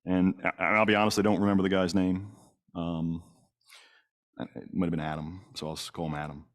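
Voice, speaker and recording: A man's voice: low voice, level tone, fairly quick. A middle-aged man, a police detective, telling a story in a lecture, plain-spoken, with many fillers and restarts. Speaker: police detective and crisis negotiator. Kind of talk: lecture to a congregation audience.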